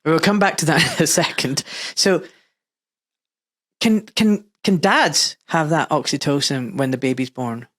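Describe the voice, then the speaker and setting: A man's voice: a little high, unhurried, a bit bright, dry recording. Candid man telling stories, dry sound. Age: adult father. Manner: candid, self-mocking storyteller. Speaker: podcast host. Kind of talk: casual interview talk.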